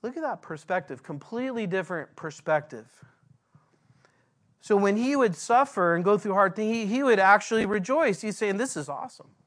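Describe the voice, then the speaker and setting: A man's voice: high voice, animated, fairly bright tone. Earnest man teaching scripture. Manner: earnest, slows down to read scripture aloud. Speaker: pastor. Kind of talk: verse-by-verse Bible teaching.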